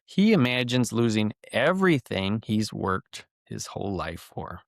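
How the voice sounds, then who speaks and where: A man's voice: on the low side, unhurried, creaky, dry recording, studio quality. A man hosting a podcast, talking casually with lots of ums and telling a cautionary story. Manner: relaxed, frequent ums and uhs, conversational. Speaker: podcast host.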